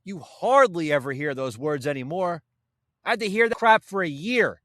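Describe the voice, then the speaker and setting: A man's voice: fairly high pitch, lively intonation, normal speed, fairly bright tone, no echo, clean studio sound. A man hosting an opinion podcast, ranting in a heated, sarcastic way and swearing as he talks to his listeners. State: a little winded. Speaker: podcast host.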